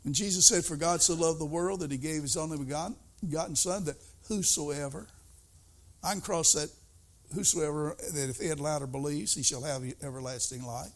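A middle-aged man preaching a sermon, folksy and storytelling, swinging between soft asides and loud bursts. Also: fairly high pitch, brisk.

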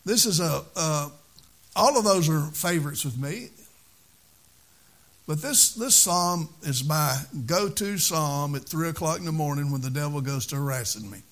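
A man's voice: on the high side, animated, moderate pace, fairly bright tone. A man preaching a sermon at a church service, with a fervent, repetitive preaching cadence.

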